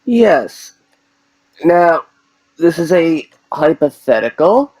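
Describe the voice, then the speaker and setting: A man co-hosting, setting up a hypothetical question in a slow, deliberate way. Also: on the high side, very animated, darkish tone, a little hiss or hum, low-quality recording. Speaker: co-host asking questions. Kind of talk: interview question.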